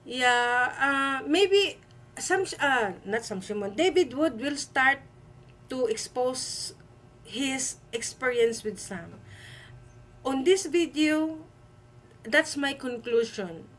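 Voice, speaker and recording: Woman host, high voice, slow emphatic delivery, light noise behind. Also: lively intonation, a bit bright, low-quality recording. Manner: emphatic, repeats herself, halting with fillers. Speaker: livestream host. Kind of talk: live-stream commentary.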